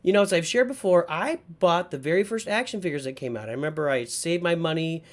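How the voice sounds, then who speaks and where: A middle-aged man with a slightly higher-pitched voice hosts a casual livestream. He rambles through memories in a nostalgic tone and keeps breaking off to answer viewers in the chat. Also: fast. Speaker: livestream host.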